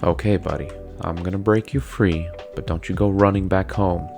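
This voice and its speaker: A man's voice: low voice, steady tone, normal speed, creaky. A man giving casual let's play commentary in a chatty way, often talking to characters in the game. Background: faint background music.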